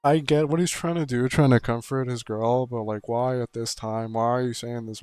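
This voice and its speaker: A man's voice: mid-range voice, steady tone, normal speed, darkish tone, smooth, no echo, faint music behind. A man streaming a visual novel, reading the text aloud and breaking off into exasperated, profane commentary.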